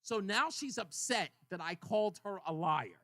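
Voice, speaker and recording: A man hosting a call-in radio talk show, telling a story with animated energy and acting out both sides of a conversation. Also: high voice, moderate pace, dry recording. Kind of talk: casual call-in radio chat.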